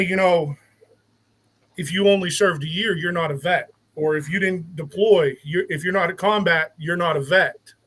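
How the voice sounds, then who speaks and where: A man with a slightly raised pitch speaks earnestly as a podcast guest, giving opinions in casual talk. He often restarts and repeats words as he builds his point. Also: a bit bright, rough recording. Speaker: guest, veteran.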